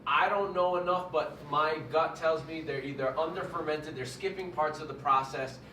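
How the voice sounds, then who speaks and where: A man's voice: a little high, moderate pace, pushed and bright. A man hosting a casual chat, frank and opinionated, swearing now and then. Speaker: host. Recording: echoey room, mic far off, ambient noise.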